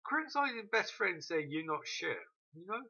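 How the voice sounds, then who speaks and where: A man ranting through a TV episode recap, swearing often and mocking the characters in quick quoted asides. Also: high-pitched, sing-song, sharp tone, dull audio, slight background noise. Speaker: show recap host.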